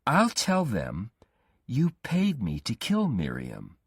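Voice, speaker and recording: A man voicing a menacing, obsessive young man, his voice pushed up high and strained. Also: wildly swooping pitch, takes it slowly, slightly rough, no echo, studio quality, exaggerated voice. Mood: insistent. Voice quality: raised, strained pitch.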